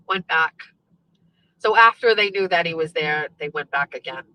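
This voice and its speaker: A middle-aged woman hosts her own show and tells a personal family story. She speaks in a bright, forceful voice, halting and emotional, and keeps stopping to clear her throat. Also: lowish voice, rough recording. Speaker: show host.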